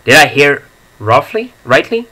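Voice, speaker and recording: A man's voice: a little high, big pitch swings, measured pace, bright, forceful tone, exaggerated voice, low-quality recording. A man voicing a pompous elderly male nerve specialist in an audiobook, formal and indignant. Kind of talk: audiobook reading.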